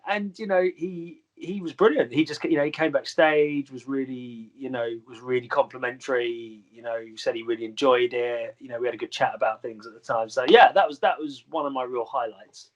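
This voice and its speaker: A man's voice: mid-range voice, fairly quick, hardly any pauses. Rambling man telling stories. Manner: rambling, filler-heavy, laughs at own stories. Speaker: guest wrestler. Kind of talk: casual storytelling chat.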